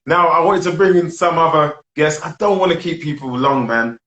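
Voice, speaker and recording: A man's voice: a little high, normal speed, a bit bright, reverberant. A man hosting a casual live chat over a video call, exuberant and prone to repeating himself. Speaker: host.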